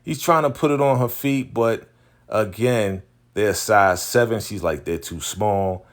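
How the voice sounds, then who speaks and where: A man recapping a TV episode in casual chat, retelling it in an animated way with slang and lots of fillers. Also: mid-range voice, measured pace. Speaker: TV recap host.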